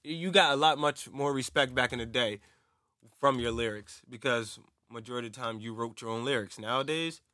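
A man's voice: mid-range voice, brisk, sharp tone, no room sound, clean studio sound. A man co-hosting a casual podcast, joking loosely, laughing often and swearing freely. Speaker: podcast co-host. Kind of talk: casual banter.

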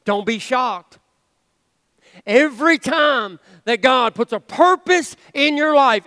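A man's voice: very high voice, sharp tone, dry recording, big-room sound. A male pastor preaching a sermon in a church, earnest and conversational, with playful asides. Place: church sanctuary.

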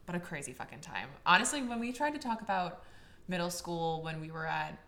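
A woman's voice: fairly low pitch, lively intonation, fairly bright tone. A young woman co-hosting a podcast, chatting casually and teasing playfully. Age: young adult. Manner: playful, teasing, quick to laugh. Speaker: podcast co-host. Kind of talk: casual chat.

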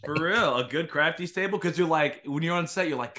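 A man co-hosts a casual podcast, breaking in with quick jokes and loose swearing. His voice is slightly higher than average and sounds bright and forceful. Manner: quick banter, jokey interjections, swears casually. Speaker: podcast co-host.

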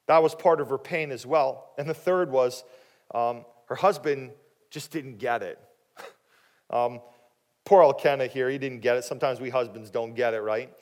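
A male pastor preaching with a somewhat high voice. He talks with animation, swings loud and high when he acts out voices from the story, then turns low and quiet to put questions to the listeners. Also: moderate pace. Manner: animated, acting out quoted voices with big swings in pitch and loudness. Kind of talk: sermon.

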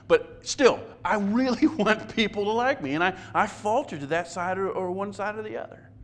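Conversational preacher, man, high-ish voice. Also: moderate pace. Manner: conversational, self-deprecating, stumbles and repeats words. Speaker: pastor. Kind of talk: sermon.

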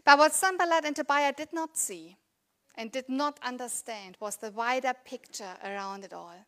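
A woman's voice: sits high, moderate pace, fairly bright tone. A woman in her thirties preaching a sermon in a conversational, earnest way, asking the congregation rhetorical questions. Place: church.

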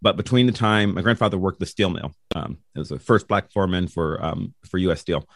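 Middle-aged guy, really deep voice, rambly storytelling with lots of ums n laughs, dry close sound. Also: fairly quick, no echo. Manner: rambling, laughs often, many ums and restarts. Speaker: guest. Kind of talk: casual storytelling.

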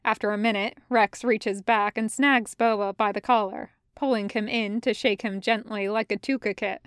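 A woman's voice: mid-range voice, fairly even intonation, normal speed, clear, resonant tone, no echo. Woman narrating fan fiction, dry close sound. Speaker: podfic reader.

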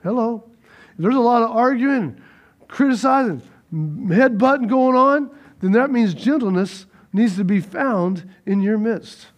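High-voiced animated male preacher. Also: measured pace, dull audio. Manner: animated, swings between loud urging and soft hushed tones; repeats phrases, calls out "come on" to the congregation. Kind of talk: sermon.

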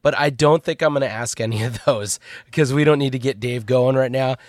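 Male podcast host, casual and animated, dead-dry close mic. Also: mid-range voice, fairly quick, dry recording. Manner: animated, trails off mid-thought. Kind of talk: casual chat.

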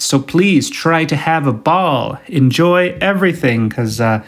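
A man hosts his solo podcast in a loose, rambling monologue. His voice sits a little higher than most men's. He keeps stumbling into fillers and restarts, and he jokes at his own expense. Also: animated, measured pace, few pauses. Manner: rambling, self-deprecating, with frequent fillers and restarts. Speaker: podcast host.

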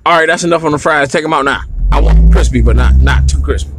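A man's voice: on the high side, fast, voice pushed down, close to an everyday voice. A man mimicking a bossy woman customer. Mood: demanding. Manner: bossy, demanding. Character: pushy, rude woman fast-food customer.

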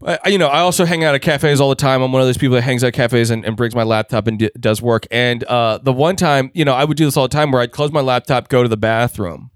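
A man's voice: medium pitch, fairly even intonation, fast talker, few pauses, no echo, studio quality. A young man co-hosting a podcast, chatting casually in a rambling, crude way full of fillers. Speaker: podcast co-host.

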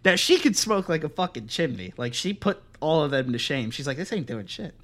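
Brief: young male podcast host, slightly high voice, animated, swears freely. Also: fairly quick. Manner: profane, animated, acts out quotes in other voices. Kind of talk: casual storytelling chat.

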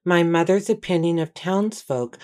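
A kind, gentle young priest, as a woman narrator reads him, speaking in a soft, consoling way. The voice sits low and carries polite warmth without any strong acting. It is an audiobook reading. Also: normal speed, close to an everyday voice.

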